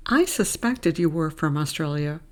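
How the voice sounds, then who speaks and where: A woman's voice: low-pitched, lively intonation, moderate pace. A woman voicing a curious, guarded woman who runs a clinic, asking questions in a raised tone.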